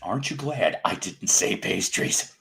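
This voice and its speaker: A man's voice: lowish voice, animated, measured pace, vocal fry, a bit bright. A man hosting a livestream show from home, talking in a rambling, self-mocking, jokey way. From United States. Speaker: livestream music show host. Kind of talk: casual livestream chat.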